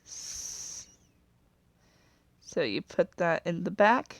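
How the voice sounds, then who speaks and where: A woman's voice: fairly low pitch, steady tone, measured pace, gravelly, dry recording. A woman casually narrating as she designs a character, rambling, correcting herself and trailing off, sometimes apologetic. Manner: chatty and apologetic. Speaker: video creator.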